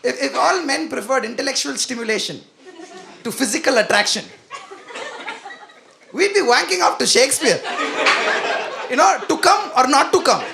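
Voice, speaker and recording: A young man delivering a stand-up set with a gravelly edge and a lively, swooping delivery. He is animated and self-deprecating. The live club recording carries clear background noise. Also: very high-pitched, moderate pace, pauses often. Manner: animated, self-deprecating, acts out quoted voices. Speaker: stand-up comedian. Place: comedy club stage.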